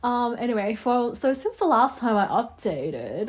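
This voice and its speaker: A young woman hosting a casual podcast, chatty and rambling, her voice hoarse and nasal from a cold. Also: a little high, very animated, measured pace, few pauses. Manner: chatty, rambling, laughs often. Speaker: podcast host.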